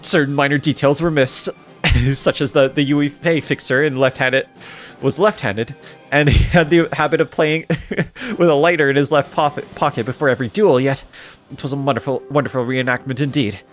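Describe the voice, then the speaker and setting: A man's voice: mid-range voice, normal speed, soft background music, natural voice. A man voicing a gallant young female knight who speaks in grand, old-fashioned phrases while reading game dialogue aloud. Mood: grandiose.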